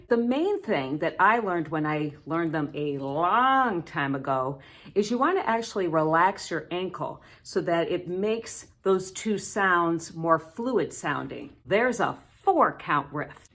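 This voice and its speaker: A woman's voice: lowish voice, big pitch swings, takes it slowly, heavy background noise. A woman teaching tap dance in a step-by-step tutorial, counting out the steps in rhythm as she dances. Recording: roomy, distant camera audio with loud tapping. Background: tap shoe clicks.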